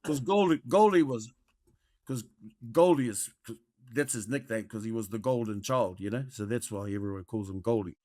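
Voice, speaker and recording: A man's voice: lowish voice, normal speed, a little mellow, no room sound, clean studio sound. A man in his fifties with a New Zealand accent, telling rambling rugby-tour anecdotes as a podcast guest and calling everyone mate. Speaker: guest, former rugby player. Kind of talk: casual storytelling.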